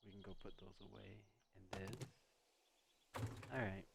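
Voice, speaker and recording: A middle-aged man chats goofily through a game stream, talking to his viewers and to himself as he plays. His voice sits fairly low, and a clear hum of noise runs under the desk mic. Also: flat delivery, measured pace. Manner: goofy, chatty, talks to chat and himself while playing. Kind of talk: casual game stream chat.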